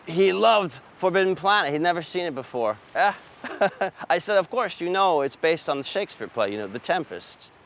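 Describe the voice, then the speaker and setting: A man performing a dramatic film monologue as a weary, wistful gay storyteller, swinging from fervent outbursts to hushed confessions. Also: high-pitched, lively intonation, normal speed, vocal fry, slight background noise, full character voice. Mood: fond.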